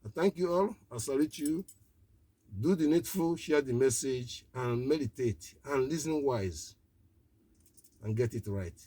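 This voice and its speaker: A man speaks live on the radio as an activist, preaching in a husky, breathy voice of middle pitch. He talks in short, repeated declarations, pressing each point again and again. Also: measured pace, mellow, no room sound. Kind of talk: impassioned live political address.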